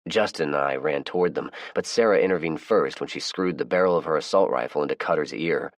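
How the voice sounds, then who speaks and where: A man narrating a first-person audiobook in a measured, plain storytelling manner. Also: a bass voice, dry recording.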